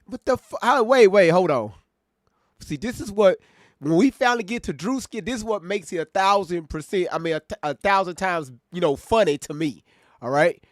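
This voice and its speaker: A man hosting a live stream, reacting to clips with loud, profane commentary that swings between shouted asides and low, disbelieving mutters. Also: lively intonation, moderate pace, no echo, clean studio sound.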